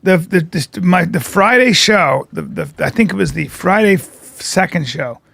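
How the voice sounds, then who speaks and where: High gravelly man rambling through stories. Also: expressive, normal speed, a bit bright. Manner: rambling, self-interrupting storyteller. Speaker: podcast co-host and comedian. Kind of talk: casual chat.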